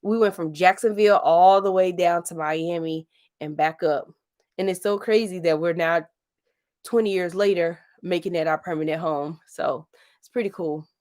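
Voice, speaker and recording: A woman's voice: on the low side, moderate pace, a little mellow. A woman in her late thirties from St. Louis, chatting casually and rambling on a livestream, laughing often. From St. Louis, Missouri. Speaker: livestream host. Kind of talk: casual live chat.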